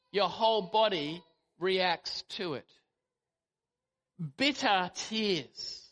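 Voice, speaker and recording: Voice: medium pitch, sharp tone. A preacher giving a sermon, telling the story animatedly and acting out quotes. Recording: long hall reverb.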